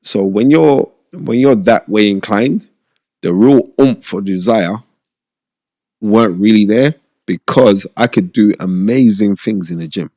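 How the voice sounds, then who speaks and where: Middle-aged podcast guest, gravelly and low, animated and rambling. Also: male voice, unhurried, no room sound, studio quality. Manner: animated, streetwise, rambling, repeats himself. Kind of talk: casual storytelling interview. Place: podcast studio.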